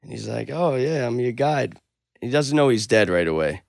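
A man's voice: medium pitch, moderate pace, vocal fry, dry recording, clean studio sound. A man retelling a story in casual chat, acting out the dialogue with lots of swearing. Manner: animated storyteller, acts out dialogue, swears a lot.

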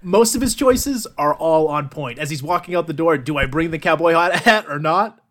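A man's voice: on the high side, lively intonation, normal speed, fairly bright tone, slight background noise. A man co-hosting a casual movie review chat, laid-back, swearing and tossing in "dude". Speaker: podcast co-host.

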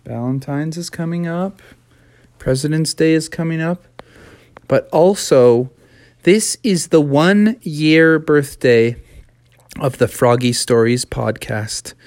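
A podcast storyteller reading a children's story in a relaxed, rambling way with fillers. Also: mid-range voice, slow pace, dry recording.

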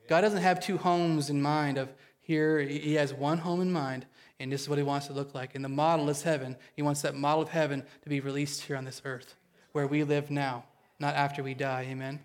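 Male pastor, slightly high voice, emphatic sermon delivery, asks for amens, leads group declarations. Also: steady tone. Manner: emphatic, calls for amens, leads recited declarations slowly and loudly. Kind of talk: sermon leading congregation in declarations.

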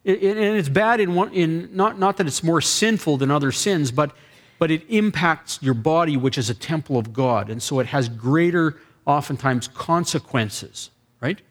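Animated pastor telling a story. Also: male voice, fairly high pitch, moderate pace. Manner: animated storyteller acting out dialogue, chuckling. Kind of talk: sermon storytelling.

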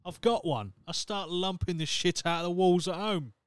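A man's voice: sits high, normal speed, clear, resonant tone. A man in his thirties with a Norfolk English accent, hosting a solo podcast in a rambling, swearing, self-mocking chat. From Norfolk, England. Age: 30s. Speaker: podcast host. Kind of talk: casual solo podcast monologue.

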